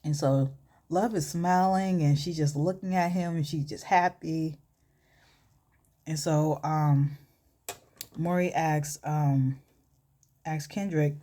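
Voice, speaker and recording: A woman's voice: low voice, fairly even intonation, takes it slowly, pauses often, mellow. A woman casually telling a story during a makeup tutorial, chatty and full of fillers, with asides to herself as she works. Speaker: vlogger and storyteller.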